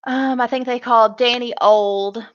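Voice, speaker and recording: A woman's voice: on the high side, steady tone, moderate pace, dull audio. A woman co-hosting a casual reality TV chat show, giggly and playful. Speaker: co-host.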